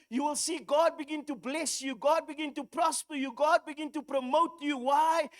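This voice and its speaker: A South African woman preaching with a high, bright-toned voice. She tells stories at an easy pace, then rises into fervent repetition and calls to the congregation. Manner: storytelling, rising into fervent exhortation. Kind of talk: sermon.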